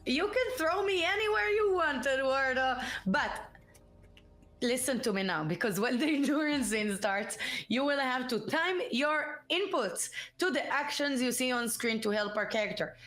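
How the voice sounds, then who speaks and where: A woman's voice: sits high, expressive, unhurried, a bit bright. Playful young woman co-hosting a stream. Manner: playful, joking, laughs often. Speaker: co-host of a live interactive show. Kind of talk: casual live-stream chat.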